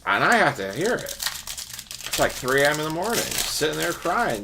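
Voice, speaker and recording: A man's voice: a little high, big pitch swings, normal speed, vocal fry, background noise. A man hosting a trading card break livestream, chatting casually and teasing his viewers.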